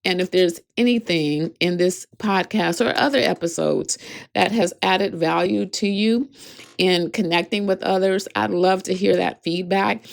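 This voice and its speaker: A woman's voice: on the low side, gravelly. A woman in her forties hosting her own podcast, telling a personal story in a heartfelt, earnest way, her voice cracking with emotion. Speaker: podcast host. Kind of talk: reflective solo podcast storytelling.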